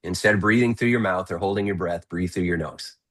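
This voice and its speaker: A man with a deep, low-pitched voice talks as a guest on an interview podcast. He coaches the listener in an energetic, persuasive way. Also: fast talker. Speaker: guest, motivational speaker.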